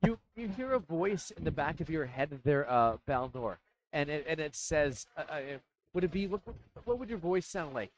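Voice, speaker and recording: A man narrating as dungeon master, talking in a halting way with many fillers and restarts. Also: fairly high pitch, sing-song, a little hiss or hum, poor audio. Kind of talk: narrating a tabletop game.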